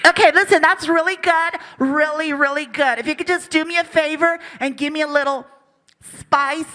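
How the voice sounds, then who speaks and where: A man's voice: extremely high pitch, fairly even intonation, moderate pace, pushed and bright, voice pushed up. A man voicing an upbeat female cartoon studio director who coaxes and pushes in a chirpy tone during a stand-up routine. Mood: coaxing. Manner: chirpy, coaxing, pushy. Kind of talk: stand-up comedy impression.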